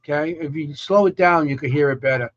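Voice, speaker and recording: A fairly high-voiced man hosts a casual podcast chat. He rambles and stops often to restart his sentences. The recording sounds muffled and lo-fi. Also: background noise. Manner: rambling, halting, many fillers and restarts. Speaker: podcast host.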